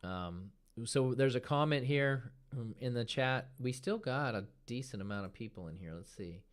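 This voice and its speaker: A man's voice: mid-range voice, normal speed. A man hosting a live trading stream, talking casually as he walks through charts and often repeats a word for emphasis. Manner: relaxed, talks while pointing at charts, repeats words for emphasis.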